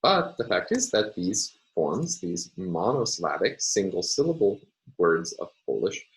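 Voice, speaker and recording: Low-voiced man giving a lecture. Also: big pitch swings, poor audio. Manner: measured, explanatory, with frequent "uh" and "um" pauses. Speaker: university lecturer. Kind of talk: recorded academic lecture.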